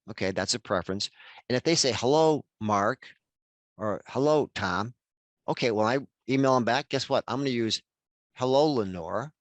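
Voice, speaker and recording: A man's voice: on the low side, fairly bright tone, no room sound. An older man in his sixties presenting a workshop over a video call, chatty and addressing attendees by name. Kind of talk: webinar workshop talk.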